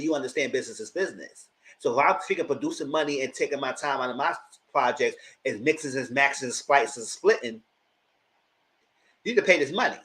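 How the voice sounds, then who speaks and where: A man giving casual live commentary on reality TV, animated and sassy, often jumping into a high exaggerated voice. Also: rough recording. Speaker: YouTube TV commentator.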